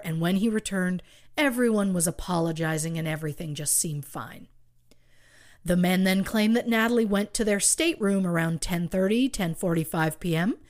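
A woman co-hosting a true crime podcast, telling the case with rhetorical questions and wry asides. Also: mid-range voice. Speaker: podcast co-host.

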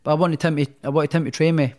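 A man's voice: fairly high pitch, rapid-fire. A young man, a professional boxer telling stories in a casual interview, with many restarts. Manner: rambling, animated storyteller with many restarts.

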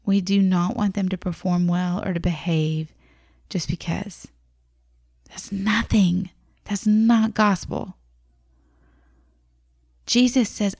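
A woman hosting a parenting podcast, explaining things in an animated way and acting out what she and her children say. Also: fairly low pitch, a little slow, vocal fry. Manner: animated, acts out kids' and her own quotes. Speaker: podcast host.

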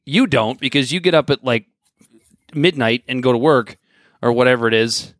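A man's voice: mid-range voice, normal speed, fairly bright tone, no echo, clean studio sound. A man from Michigan co-hosting a podcast, teasing his partner and ranting his opinions in casual banter. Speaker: podcast co-host.

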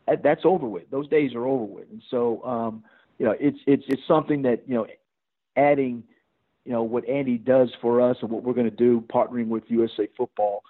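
A man's voice: mid-range voice, steady tone, fairly quick. Man, middle-aged, head coach, phone-line sound, rambling with restarts. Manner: rambling, many restarts and fillers. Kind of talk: podcast interview over phone.

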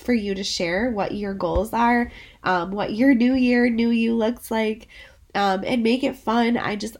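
A woman hosting a solo podcast, talking in an encouraging, chatty way while her voice is worn from being sick. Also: medium pitch. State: sick, voice under the weather. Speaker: podcast host.

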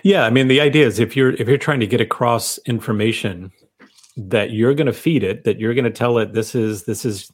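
A middle-aged man co-hosting a casual tech chat, animated and thinking aloud as he types. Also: mid-range voice, brisk. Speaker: co-host.

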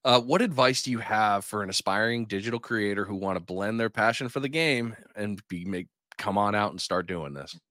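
Male podcast host, low voice, blunt and teasing, dry close sound. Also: brisk, few pauses, sharp tone, dry recording. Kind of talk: casual interview chat.

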